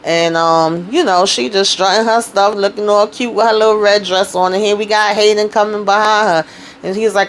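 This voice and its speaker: Woman, casual show-recap host, blunt and animated, faint room noise. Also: medium pitch, moderate pace. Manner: animated, quotes characters in character voices, slangy and blunt.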